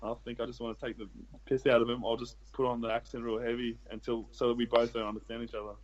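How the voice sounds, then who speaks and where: A man's voice: mid-range voice, flat delivery, fast, dull audio. A young adult man with an Australian accent, chatting as a podcast guest in a laid-back, rambling way with plenty of swearing. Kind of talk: casual chat.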